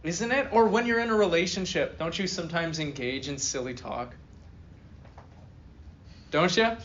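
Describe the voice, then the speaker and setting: A man's voice: on the high side, animated, normal speed, fairly bright tone, dull audio, a little hiss or hum. Male professor lecturing a class. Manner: reads a text, then jokes and questions the class. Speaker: philosophy professor. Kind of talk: classroom lecture, reading aloud and asking students. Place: university classroom.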